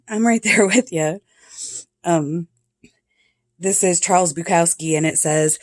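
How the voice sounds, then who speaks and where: A woman's voice: fairly low pitch, a little slow, long pauses, no echo. A woman vlogger at home, chatting casually and reading quotes aloud, laughing often as she comments. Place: home with cats and dogs.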